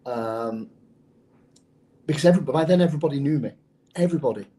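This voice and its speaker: A man's voice: mid-range voice, a little fast, mellow, low-quality recording. An English man who is a former undercover police officer, telling a story in an interview in a blunt, profane way. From England.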